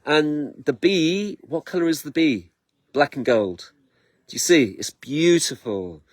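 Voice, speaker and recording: A middle-aged man talking excitably in a rambling vlog from his garden, repeating himself and tripping over his words. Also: on the high side, slow, no room sound. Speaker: vlogger. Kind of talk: rambling personal vlog monologue.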